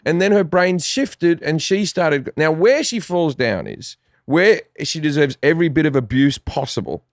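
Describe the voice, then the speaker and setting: A man's voice: a little high, expressive, normal speed, dry recording, studio quality. An Australian man guesting on a podcast, talking in a blunt, profane, rambling way with lots of restarts. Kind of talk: casual chat.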